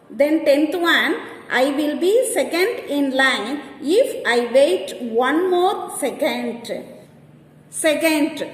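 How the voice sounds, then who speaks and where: A woman teacher works through textbook exercises at a very slow, deliberate pace, spelling answers out letter by letter. Her voice sits high, and the room around her is echoey with a long reverb tail.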